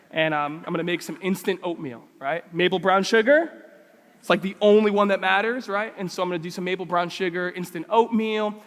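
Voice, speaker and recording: A man preaching a sermon as pastor, telling funny stories and asking the congregation pointed questions. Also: high voice. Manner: animated, humorous storytelling with many rhetorical questions. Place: church sanctuary. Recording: long church hall reverb.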